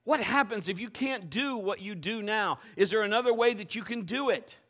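A man preaching a sermon as pastor, acting out stories and swinging from hushed tones to shouts. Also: high voice, moderate pace. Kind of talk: sermon with personal storytelling.

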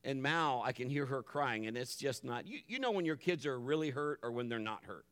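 A middle-aged male pastor preaches with a lively voice that climbs and falls across a wide pitch range. He acts out his family's voices and drops to a hushed tone for calm moments. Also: fairly quick, clear, resonant tone. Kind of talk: sermon.

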